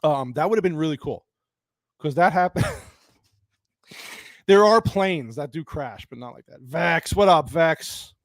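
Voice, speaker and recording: A man's voice: fairly high pitch, animated, unhurried, pauses often, no echo, clean studio sound. Ranting, cursing man on a stream. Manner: angry, profane, rambling with restarts; reads and answers chat viewers. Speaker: live stream host. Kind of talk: live-streamed movie rant.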